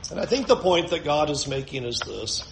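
A man's voice: on the high side, very animated, a little fast, vocal fry, echoey room, a little hiss or hum, low-quality recording. A man preaching a sermon in a conversational way, with joking asides. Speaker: pastor.

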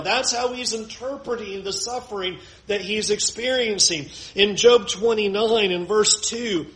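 Guy preaching, kinda high voice, slows way down for the bible verses. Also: fairly even intonation, fairly bright tone, roomy sound, low-quality recording. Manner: reads scripture slowly and dramatically, then asks the audience questions. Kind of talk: sermon.

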